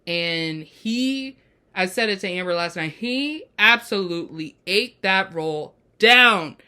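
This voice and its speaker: A woman hosting a casual TV episode review, talking in an animated, expressive way and laughing easily. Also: medium pitch, takes it slowly, clean tone. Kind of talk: casual chat.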